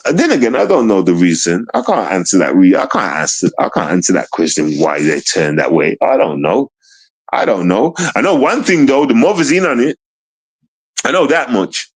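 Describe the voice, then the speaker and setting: A streamer with a lowish, sing-song voice and a breathy edge rants at normal speed over poor audio. Swearing and heated, he repeats things emphatically and returns over and over to the question "you understand?"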